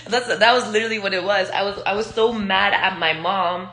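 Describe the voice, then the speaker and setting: A young woman from Israel talks through her past in a candid, rambling monologue, swearing often and stopping to search for words. Her voice is bright and sharp, and it bounces around an echoey room. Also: medium pitch, steady tone, quick pace, few pauses. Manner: profane, rambling, candid with frequent fillers. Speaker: vlogger. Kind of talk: casual storytelling monologue.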